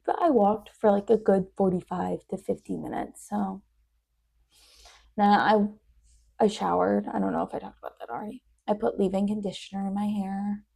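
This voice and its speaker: Young woman, low-key diary vlogger: mellow tone with vocal fry, rambling and sleepy. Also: moderate pace. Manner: rambling, chatty, drifts in and out of soft whispers. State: sleepy, yawning. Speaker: video diarist. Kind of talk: casual diary chat.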